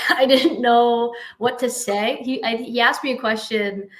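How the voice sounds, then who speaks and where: A woman from Vermont, a hockey team's general manager, telling stories in a bubbly, animated way in a casual interview. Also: a little high, unhurried, rough recording.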